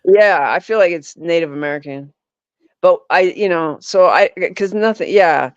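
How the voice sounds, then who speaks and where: Here a podcast guest who investigates the paranormal chats casually and wanders off topic, filling gaps with "you know" and "like." His slightly high, smooth voice moves at normal speed, and the audio is dry, dull and lo-fi.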